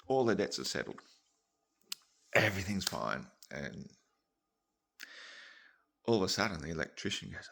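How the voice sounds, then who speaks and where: Gravelly low-voiced man telling a joke. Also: very animated, normal speed, long pauses, a bit bright. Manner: rambling, swears, laughs at own tangents. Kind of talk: casual joke storytelling.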